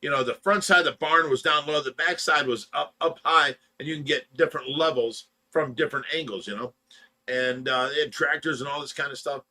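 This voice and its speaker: Male host, somewhat high and bright voice, tired, rambling storyteller who laughs at his own tales. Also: brisk. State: tired from lack of sleep. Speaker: livestream host. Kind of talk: casual storytelling chat.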